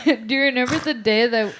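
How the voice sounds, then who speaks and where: A woman's voice: high voice, fairly bright tone. Young female podcast co-host, loose, rambling, laughs often. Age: young adult. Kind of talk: casual chat.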